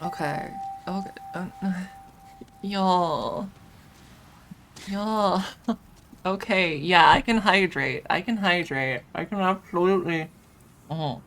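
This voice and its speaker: A woman streaming a game, chatting casually on her microphone, halting and flustered, restarting often and laughing through it, emotionally overwhelmed. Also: on the low side, fairly bright tone. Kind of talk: casual live-stream chat.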